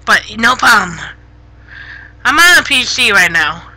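A woman chats with her live-stream viewers through a headset mic, giggly and a little flustered, gently telling chat off when it gets rude. Her voice is very bright, and she talks slowly. The sound is close and dry. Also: fairly high pitch, big pitch swings, no room sound, low-quality recording. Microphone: gaming headset.

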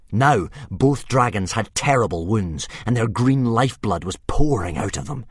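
A man narrating an audiobook with vivid, dramatic storytelling that drops to a hush in tense moments. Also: medium pitch, dry recording, studio quality.

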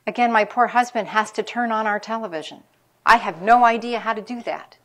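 Speaking at a fairly quick clip in a voice on the high side, a middle-aged woman who works as a palliative care physician lectures the public on caregiving. She is candid and anecdotal, telling personal stories and talking openly about how caregivers feel.

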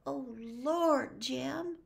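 A woman reading an audiobook, voicing a worried young girl in a high, childlike voice. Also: very slow, vocal fry, full character voice.

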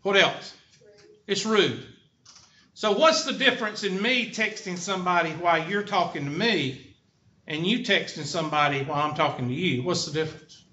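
A middle-aged man with a Southern American accent lectures a college class in a blunt, folksy way, often tossing questions to the students. His voice sits high and sounds bright and forceful. The recording is lo-fi and echoes around the classroom. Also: normal speed. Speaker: college instructor.

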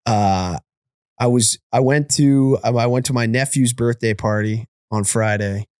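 A man telling an animated, profane story on a casual comedy podcast. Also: mid-range voice, unhurried, clean tone. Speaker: comedian podcast co-host or guest.

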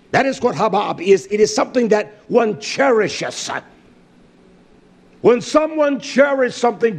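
A man preaching a sermon, emphatic and repetitive, with sudden shouted bursts. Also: very high-pitched.

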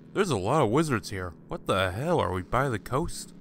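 A man giving casual let's-play commentary in a bright, forward voice, full of sarcastic jokes and asides to the game's characters. A faint hiss sits under his talk. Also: fairly low pitch, animated, moderate pace, few pauses. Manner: joking, sarcastic, talks to game characters. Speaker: gaming channel host.

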